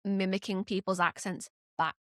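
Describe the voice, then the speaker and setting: Northern English woman, podcast co-host, mid-range voice, dry close sound, chatty with quick restarts. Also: mid-range voice, little pitch movement, a bit bright, no echo. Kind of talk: casual chat.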